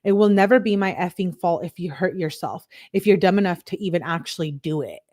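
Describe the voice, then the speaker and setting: Female host, lower register, dry close sound; reads texts aloud, tags each speaker, adds comments. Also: brisk, a little mellow, dry recording. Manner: plain read-through, tagging each message with who said it. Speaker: true crime channel host. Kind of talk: reading text messages aloud with commentary.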